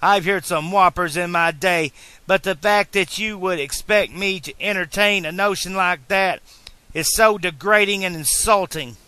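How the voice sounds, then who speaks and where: A man reading an audiobook, voicing a hurt, angry frontier schoolteacher woman in a raised, high voice. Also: a little slow, bright, forceful tone, smooth, no echo. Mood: indignant.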